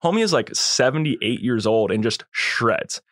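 A man's voice: medium pitch, animated, a little slow, a bit bright, no echo, clean studio sound. A young man, a podcast guest, telling a long story in a laid-back, slangy way and acting out quotes. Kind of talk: casual storytelling.

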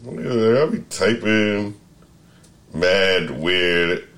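A man with a very low, deep voice hosts a casual podcast conversation. He rambles and keeps cutting himself off mid-sentence. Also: extremely slow, fairly bright tone. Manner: rambling, self-interrupting, restarts sentences. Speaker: podcast host. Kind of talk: casual chat.

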